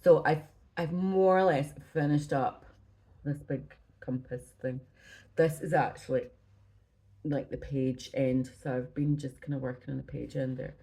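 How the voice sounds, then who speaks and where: A woman's voice: extremely low pitch, fairly even intonation, unhurried, warm tone, low-quality recording. Chatty Scottish woman, slightly breathless. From Scotland. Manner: chatty, rambling, often apologizes and restarts. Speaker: cross-stitch vlogger. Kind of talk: casual chat showing stitching projects. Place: at home indoors.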